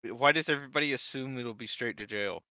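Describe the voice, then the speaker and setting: A man's voice: mid-range voice, fast, sharp tone, dull audio. A man chatting as a tabletop game player, joking and contrarian. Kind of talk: casual chat between players.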